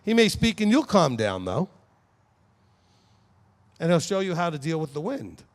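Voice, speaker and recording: A man's voice: on the high side, wildly swooping pitch, moderate pace. A man giving a conversational Bible teaching to a congregation, asking the audience questions as he goes. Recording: long hall reverb.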